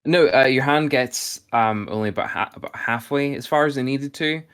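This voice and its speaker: A man narrating as game master, halting with many fillers. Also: medium pitch, fairly bright tone, clear, resonant tone.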